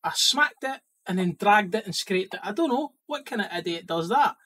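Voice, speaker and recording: A man's voice: high voice, normal speed, poor audio. Sweary Scottish man telling stories. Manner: sweary, lively storytelling. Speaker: plumber and vlogger. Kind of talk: casual storytelling to camera.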